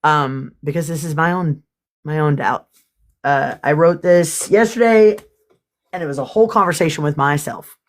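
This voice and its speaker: Gravelly, casual livestream host. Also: medium pitch, normal speed. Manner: casual, swears freely, gets emotional.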